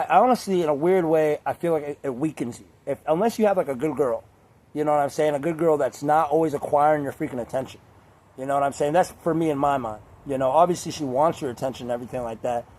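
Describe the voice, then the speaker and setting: Crude rambling young man, husky voice. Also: darkish tone. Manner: crude, rambling, laughs often, mimics others in high voices. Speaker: vlogger. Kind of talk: casual monologue to camera.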